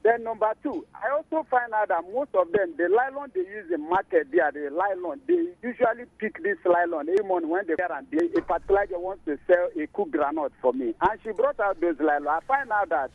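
A man with a Nigerian accent calling a radio show, telling a story in a halting, hesitant way. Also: sits high, sing-song, vocal fry, dry recording. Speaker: caller. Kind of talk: phone-in storytelling. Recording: muffled phone line.

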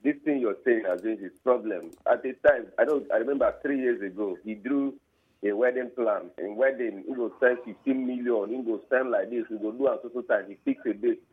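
A man's voice: medium pitch, brisk, breathy edge. Nigerian man calling in over a phone line. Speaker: caller.

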